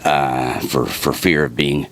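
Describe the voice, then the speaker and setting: A man's voice: slow, creaky. A man co-hosting a radio talk show, teasing the guests and laughing often. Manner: teasing, laughs often, lively pitch swings. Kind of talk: casual joking chat.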